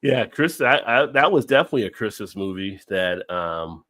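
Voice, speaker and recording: A man's voice: lowish voice, normal speed. A man hosting a live stream, chatting casually over drinks, rambling and laughing as he tells stories. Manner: rambling, laughs often, animated storytelling.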